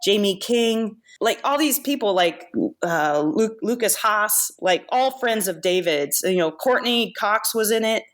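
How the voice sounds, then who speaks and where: A woman being interviewed on a podcast about her makeup effects career, telling animated anecdotes with laughs and restarts. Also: mid-range voice, a little slow. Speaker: guest makeup effects artist. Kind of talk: casual storytelling interview.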